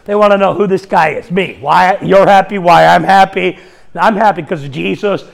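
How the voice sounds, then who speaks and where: A middle-aged man preaches with a strikingly high voice that carries a gravelly edge. He is bold and humorous, acting out the dialogue in his stories with laughing asides. His delivery is that of a charismatic evangelist. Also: moderate pace. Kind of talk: charismatic sermon with storytelling.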